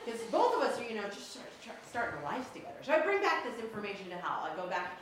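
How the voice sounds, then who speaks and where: A woman telling a personal story to an audience, animated and laughing often, pausing for effect. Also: on the high side. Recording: echoey room, faint background noise.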